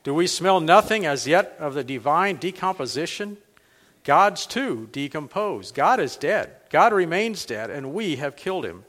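A frantic madman fires off anguished, rhetorical questions, as a man reading aloud puts him on. The voice sits a little high for a man and rings with long reverb from a large hall. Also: very animated, a little slow, a bit bright. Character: frantic grieving male madman crying out.

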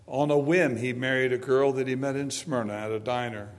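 A man in his seventies preaching a sermon, moving between quiet storytelling and loud, emphatic preaching. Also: medium pitch, steady tone, fairly quick. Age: 70s. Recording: long hall reverb.

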